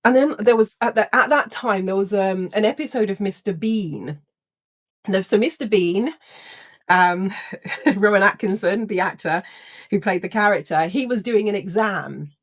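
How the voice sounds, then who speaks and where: Woman telling a lively anecdote. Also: medium pitch, moderate pace. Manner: animated, acts out voices of people in her story. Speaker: personal development trainer. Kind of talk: storytelling anecdote to an audience.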